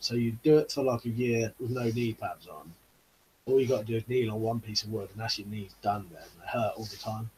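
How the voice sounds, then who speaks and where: Chatting on a relaxed live stream, a YouTube host from the United Kingdom reads out viewer comments, rambling easily and leaning on fillers such as "you know." He has a husky, medium-pitched voice with a darkish tone, captured in a low-quality recording.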